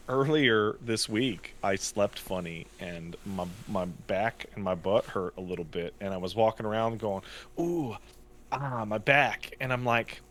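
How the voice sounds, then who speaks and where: A young adult man co-hosting a podcast in casual chat, an animated storyteller who acts out his quotes. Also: lowish voice, a little hiss or hum. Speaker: podcast co-host. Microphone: studio podcast mic.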